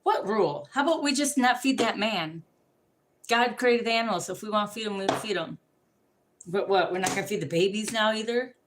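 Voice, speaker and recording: A woman ranting casually to the camera, profane and rambling, telling animated stories. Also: medium pitch, a little fast, noisy background.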